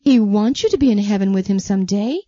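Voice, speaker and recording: A woman telling a Bible story to children, gently asking them questions along the way. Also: medium pitch, fast, no echo, muffled recording.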